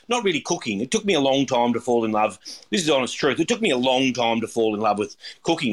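A middle-aged chef and restaurateur giving rambling, upbeat interview answers full of ums and restarts. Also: male voice, medium pitch, a bit bright. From Australia.

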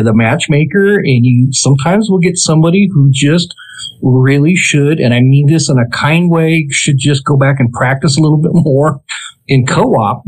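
A man's voice: mid-range voice, poor audio. Rambling man with many ums. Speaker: podcast co-host. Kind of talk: casual podcast chat.

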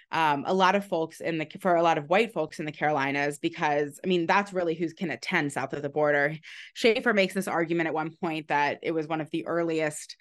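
An author talking thru her research, slightly low voice, lots of ums and restarts. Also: a bit bright. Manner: thoughtful, many "um"s and restarts, light laughs. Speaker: author guest. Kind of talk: explaining her research in conversation.

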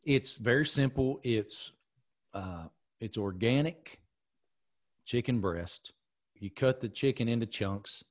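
A man's voice: medium pitch, slow pace, pauses often. A middle-aged man hosting a podcast, telling stories in a casual, emphatic way. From American South. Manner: animated storyteller, emphatic. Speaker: podcast host. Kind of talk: casual chat.

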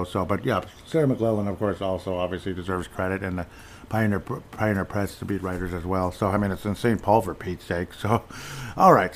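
Low-ish guy hosting his own podcast, rambly, lots of um and uh, fan energy. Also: a little hiss or hum. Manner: rambling, loose, lots of fillers and asides; enthusiastic fan talk. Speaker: podcast host. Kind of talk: casual solo hockey podcast chat.

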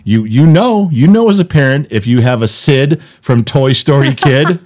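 A middle-aged man chatting on a podcast in a voice of ordinary middle pitch. He is blunt and joking, with the odd curse. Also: expressive, normal speed, darkish tone. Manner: blunt, joking, a bit profane. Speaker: podcast co-host. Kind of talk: casual chat.

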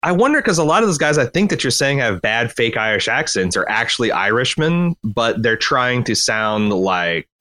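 A man's voice: medium pitch, normal speed, few pauses, no room sound. A man in casual podcast chat about a movie, rambling and correcting himself as he talks. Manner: rambling, self-correcting, animated. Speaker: podcast co-host. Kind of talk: casual film discussion.

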